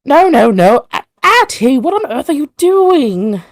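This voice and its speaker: A woman's voice: sits high, big pitch swings, measured pace, no room sound, studio quality, pitched above the performer's own voice, full character voice. Give me a woman playing a commanding seer woman with a raised, exasperated voice. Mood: alarmed. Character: bossy elder woman seer, one of three.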